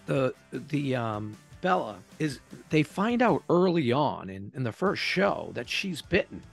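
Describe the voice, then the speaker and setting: A man's voice: medium pitch, sing-song, measured pace, vocal fry, breathy edge, soft background music. Enthusiastic rambling man, casual chat. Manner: enthusiastic, rambling explanations with restarts. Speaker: podcast co-host.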